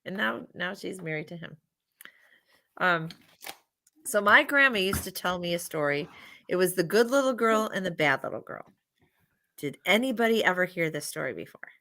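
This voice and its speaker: A woman's voice: on the low side, expressive, moderate pace, vocal fry, pauses often, sharp tone. A woman casually retelling a bedtime story on a live stream, rambling with laughing asides. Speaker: livestream host.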